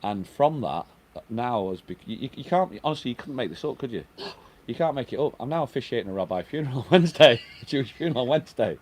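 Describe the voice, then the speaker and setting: A man's voice: medium pitch, lively intonation, quick pace, slight background noise. A middle-aged man hosting a casual live stream at home, chatting and reading out viewer comments.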